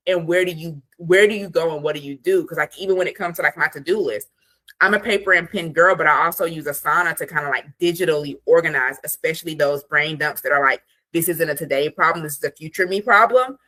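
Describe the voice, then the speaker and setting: A woman coach talks from her home office desk in a low, bright and forceful voice. She chats casually over a video call, scattering "like" through her sentences and acting out quoted thoughts. Her energy stays steady as she gives practical examples. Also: fast. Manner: chatty, many "like" fillers, acts out quoted thoughts. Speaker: productivity coach, guest. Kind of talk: casual conversational interview.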